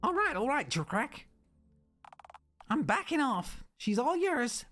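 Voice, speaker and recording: A woman voicing a rough, excitable country man in a game, with folksy speech. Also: high voice, slow pace, voice pushed up, exaggerated voice. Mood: worked up.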